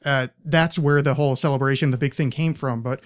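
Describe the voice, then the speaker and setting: A man's voice: medium pitch, steady tone, fairly quick. A young man hosting a podcast, chatting casually in a rambling, sardonic way and swearing freely. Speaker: podcast host. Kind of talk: casual chat.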